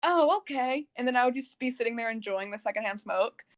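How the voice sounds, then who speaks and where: A woman's voice: on the high side, fairly even intonation, fast talker. A young woman from Texas co-hosting a podcast, talking in a rambling, casual way full of fillers. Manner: rambling, filler-heavy, laughing. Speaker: podcast co-host. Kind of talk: casual chat.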